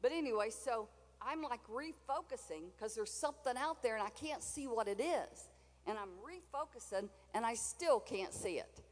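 A woman's voice: a little high, expressive, normal speed, big-room sound. An older woman preaching a sermon in a chatty, folksy way, with asides to the congregation.

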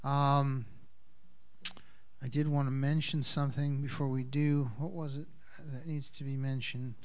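Congregation leader, male, slow and halting delivery, clean resonant voice. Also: mid-range voice, flat delivery, smooth. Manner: slow, unhurried, halting with fillers. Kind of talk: communion service talk with Hebrew blessings.

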